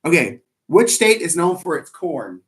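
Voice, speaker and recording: A man's voice: a little high, big pitch swings, unhurried. A man hosting a live trivia game, playful and rambling, teasing himself in asides between questions.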